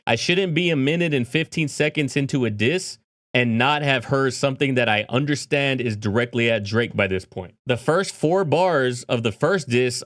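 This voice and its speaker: A man hosting a music reaction video, talking casually in an excitable, rambling way with lots of swearing. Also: medium pitch, no echo, studio quality.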